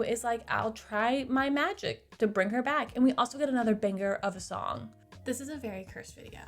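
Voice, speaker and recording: A young woman recapping a movie in a casual, chatty way, with sarcastic asides, recorded on a close mic. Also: a little high. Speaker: movie reviewer.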